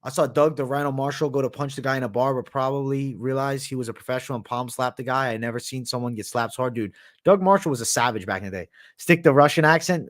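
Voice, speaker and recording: A laid-back man hosts a live stream and answers viewer questions in loose, casual chat. He swears freely and calls everyone "bro," in an easygoing, mid-pitched voice. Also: fast. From United States. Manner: laid-back, profane, says "bro" a lot. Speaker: livestream host.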